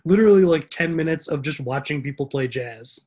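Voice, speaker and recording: A man's voice: fairly high pitch, fairly quick, a little mellow, breathy edge. A man co-hosting a podcast in casual chat, dropping dry, wry remarks. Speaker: podcast co-host.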